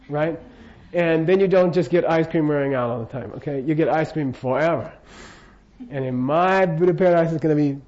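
A man's voice: on the high side, darkish tone. Older man teaching, muffled lo-fi recording. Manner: casual, jokey, keeps checking in with the audience. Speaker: Buddhist teacher. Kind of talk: informal dharma lecture. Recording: dull lo-fi lecture recording.

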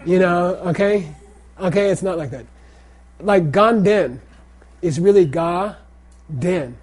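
Middle-aged male teacher, slightly raised husky voice, casual classroom lecture, keeps asking "okay?". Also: high voice, a little slow. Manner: repeats phrases and checks in with "okay?". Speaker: teacher of Tibetan language and Buddhist texts.

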